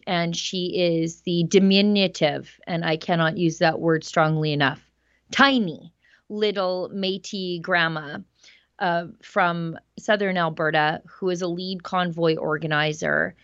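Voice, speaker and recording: A woman hosting a news commentary show, talking in an emphatic, animated way. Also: on the low side, measured pace, dry recording, highs cut off. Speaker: host.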